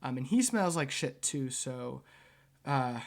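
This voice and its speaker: A man running a tabletop game as game master, at a medium pitch. He talks casually, with frequent "um"s and the odd swear word. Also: animated, takes it slowly, vocal fry. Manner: casual, swears, many fillers.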